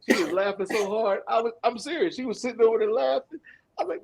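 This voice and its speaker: A man co-hosting a casual podcast chat, telling animated stories, repeating himself and laughing often. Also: very high-pitched, fast, creaky, breathy edge. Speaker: podcast co-host.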